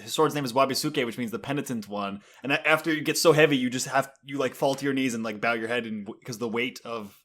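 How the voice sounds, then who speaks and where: A man's voice: mid-range voice, quick pace, few pauses. Man casually retelling manga scenes. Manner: relaxed, retells scenes with quoted dialogue. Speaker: podcast co-host. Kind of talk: casual chat about a manga.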